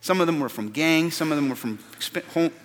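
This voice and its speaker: Man, earnest preaching, higher pitch, reverberant church hall. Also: lively intonation, a little fast, a bit bright. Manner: earnest, repeats words when stressing a point. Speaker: pastor. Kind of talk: sermon.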